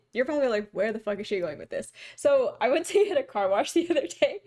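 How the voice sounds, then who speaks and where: A woman's voice: on the high side, expressive, brisk, a little mellow. A woman co-hosting a podcast, chatting casually and telling a story full of laughter and quoted voices. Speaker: podcast co-host. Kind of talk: casual chat.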